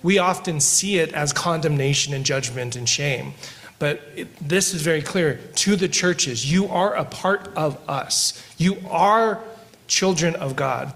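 A man co-hosting a podcast who tells stories while teaching scripture, moving between quick asides and slow, emphatic lines. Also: on the high side, a bit bright. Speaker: podcast co-host discussing scripture. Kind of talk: conversational Bible teaching with storytelling.

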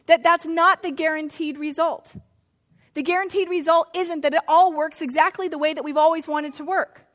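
A woman's voice: high-pitched, fairly even intonation, moderate pace. A middle-aged woman pastor giving a conversational sermon, now and then acting out what biblical figures might say. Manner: conversational preaching, acts out voices of biblical figures.

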